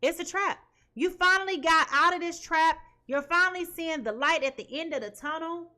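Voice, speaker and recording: A woman's voice: very high-pitched, moderate pace, pushed and bright. A woman reading tarot for her viewers in an emphatic way, often checking in with "okay?". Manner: emphatic, keeps asking "okay?". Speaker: tarot reader.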